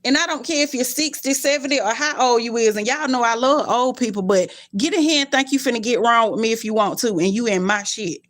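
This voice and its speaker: A young adult woman live-streaming to her viewers, telling stories animatedly, cussing bluntly and jumping in pitch. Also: a little fast, hardly any pauses.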